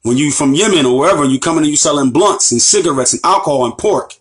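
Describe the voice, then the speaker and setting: A man from the United States lectures as an Islamic teacher, with a voice that sits somewhat high for a man. He drives his points home by repeating phrases and firing rhetorical questions at his audience. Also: lively intonation, quick pace, a bit bright. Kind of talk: impassioned lecture.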